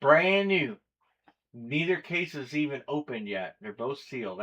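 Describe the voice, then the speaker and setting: A man's voice: mid-range voice, very animated, unhurried, fairly bright tone, lo-fi sound. Casual man hosting a live stream. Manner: casual, rambling, reads off players and teams. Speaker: stream host. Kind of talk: live breaking stream chat.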